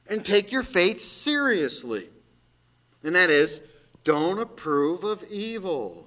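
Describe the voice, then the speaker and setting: A man preaching a sermon as pastor, moving between loud shouted calls and quiet asides. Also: high-pitched.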